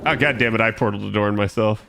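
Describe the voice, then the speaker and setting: A man's voice: on the low side, steady tone, very fast, vocal fry, background noise. A man streaming himself playing an online game, chatting loosely with his viewers. He rambles, corrects himself and swears casually. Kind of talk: casual live-stream gaming chat.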